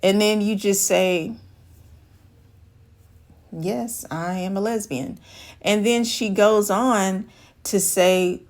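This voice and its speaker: A woman's voice: medium pitch, fairly even intonation, slow, long pauses. Woman life coach acting out a scenario. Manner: acts out dialogue, shifting voice for quoted women. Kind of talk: direct-to-camera advice talk.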